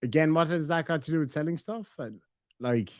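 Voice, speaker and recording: A man's voice: a little high, brisk, dry recording, studio quality. An Irish man hosting a live stream, reacting to clips with sarcastic disbelief and reading out viewer messages. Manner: incredulous, sarcastic, reads viewer messages aloud. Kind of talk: casual live-stream commentary.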